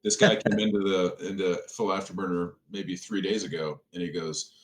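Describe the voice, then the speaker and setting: A man with a very low voice tells business stories in a relaxed podcast chat. He is animated and acts out the people he quotes. The room around him is echoey. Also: normal speed, a little hiss or hum. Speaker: restaurant owner, podcast guest. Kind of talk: casual storytelling conversation.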